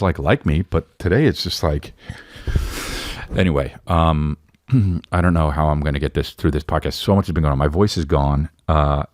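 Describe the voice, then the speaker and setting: Low-voiced rambling man in his forties. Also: moderate pace, no echo, studio quality. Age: 40s. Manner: rambling with many restarts and "right?". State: sore, worn voice. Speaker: podcast host. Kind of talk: casual solo podcast monologue.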